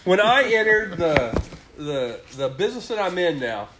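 A man's voice: high voice, very animated, moderate pace, noisy background. A man telling a rambling work story in casual chat, swearing often and acting out his bosses' lines.

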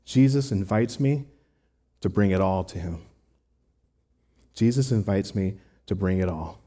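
A man's voice: sits low, unhurried, dark tone. A man preaching a sermon in an earnest, conversational way, talking to the congregation with rhetorical asides. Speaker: pastor.

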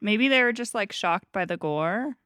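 A woman's voice: medium pitch, lively intonation, normal speed, a bit bright, smooth, no room sound, studio quality. A woman co-hosting a podcast in casual chat, laughing often and saying "like" a lot. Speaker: podcast co-host.

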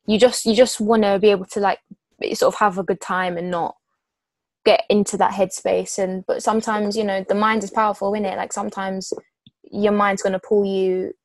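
A woman's voice: mid-range voice, fairly even intonation, normal speed, dry recording. A young woman in her twenties talking openly and with emotion in a casual heart-to-heart chat. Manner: open, emotional, frank.

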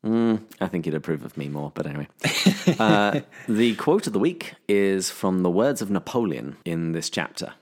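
A man with a deep voice co-hosts a relaxed podcast, joking dryly with his friend. His pitch moves around a lot as he talks. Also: normal speed. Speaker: podcast co-host. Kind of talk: casual chat.

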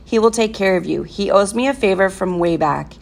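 A woman voicing a calm, deliberate middle-aged father who speaks in a measured, quietly firm way. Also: medium pitch, vocal fry.

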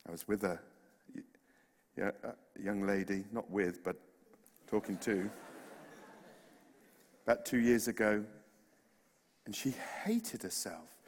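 A man's voice: fairly low pitch, animated, slow, long pauses, slight background noise. A man with a West Country accent preaching a sermon, earnest and impassioned, with humorous asides. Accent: West Country English. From West Country, England. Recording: long hall reverb.

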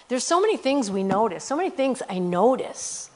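A woman delivers a conversational sermon about her missionary work at a medium pitch, her intonation lively. She talks earnestly, sprinkling in "you know" and "okay?" often, and moves quickly through scripture readings.

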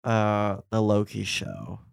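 A man's voice: on the low side, little pitch movement, slow pace, vocal fry, clear, resonant tone, no room sound, clean studio sound. A man, a stand-up comedian, chatting as a podcast guest in a rambling, self-deprecating way, laughing often. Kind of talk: casual podcast chat.

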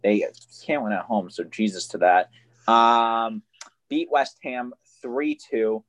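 Man, mid-pitched, loose joking sports banter. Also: steady tone, takes it slowly, fairly bright tone. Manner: joking, rambling, laughs often. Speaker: sports podcast co-host.

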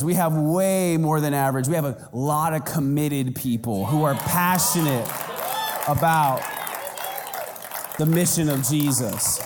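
A man preaching a sermon as pastor, animated and self-mocking, with big jumps in pitch. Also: a little slow, big-room sound, some chatter behind. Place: church sanctuary.

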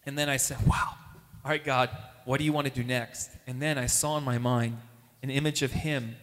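At a moderate pace, a speaker at a Catholic gathering tells an animated faith story as testimony, imitating the people in it with big pitch jumps. The recording has long hall reverb.

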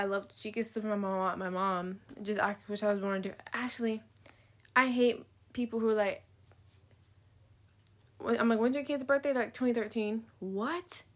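A young woman venting in a casual confessional vlog, candid, slangy and profane, trailing off mid-thought and laughing often. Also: on the high side. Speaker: vlogger.

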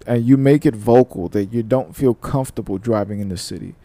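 A laid-back man with a mellow, relaxed tone tells his own story in casual chat. His voice has a middle pitch and sounds dry and close. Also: no room sound.

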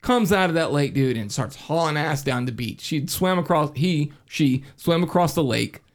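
Lively, profane man telling stories. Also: fairly high pitch, normal speed. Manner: animated, profane, laughs often. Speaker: podcast co-host. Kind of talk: casual storytelling chat.

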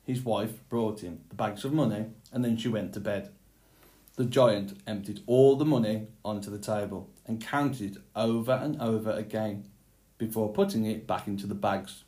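A man reading a fairy tale aloud in a slow, measured storytelling manner. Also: fairly low pitch, warm tone. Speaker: storybook reader. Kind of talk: scripted fairy tale narration.

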